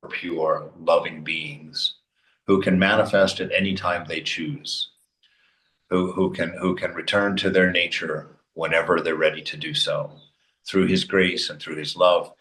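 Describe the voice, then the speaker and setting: A man delivers a spiritual teaching with forceful, exhorting energy. His voice sits low. The room around him rings with noticeable echo. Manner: forceful and exhorting, laughs between points. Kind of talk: spoken religious commentary. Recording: roomy echo.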